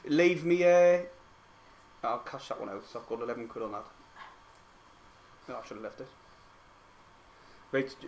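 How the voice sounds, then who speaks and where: An excitable young man calls a football match live for his viewers. His voice sits fairly high, and he swears freely and talks straight to the chat. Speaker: football fan streamer commenting on a live match. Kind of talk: casual live match commentary.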